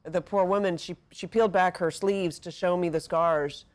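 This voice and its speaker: A woman co-hosting a talk show, speaking enthusiastically, her voice rising when she is excited. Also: fairly low pitch, moderate pace. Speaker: co-host.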